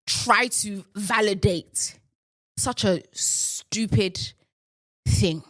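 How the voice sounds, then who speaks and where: A woman hosts her own show, riffing and joking with the odd swear word. She keeps her voice deliberately pitched lower than usual and takes her time, unhurried. The recording is dry and close. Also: animated, dry recording. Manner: playful, riffing, with bursts of profanity; deliberately lowered voice while in a male persona. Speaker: podcast host. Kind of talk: casual solo commentary.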